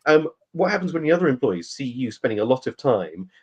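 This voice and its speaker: A podcast co-host talks through a point at length in a casual chat, rambling and explaining with lots of ums, fillers, and restarts. His mid-range voice swings widely in pitch, moves fairly quickly, and has a breathy edge, and the recording sounds muffled.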